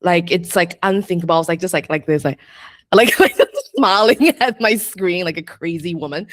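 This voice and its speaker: A woman's voice: lowish voice, lively intonation, normal speed, no room sound. Chatty reflective woman, dry sound. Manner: chatty and reflective, peppered with "like", laughs often. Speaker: podcast guest, astrologer and coach. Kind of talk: casual interview chat.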